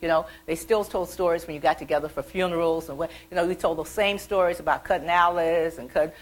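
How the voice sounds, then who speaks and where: A middle-aged woman from the American South, an author telling animated stories about her childhood at a library event. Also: fairly low pitch, fast, poor audio. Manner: chatty, animated, acts out childhood quotes. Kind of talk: storytelling talk.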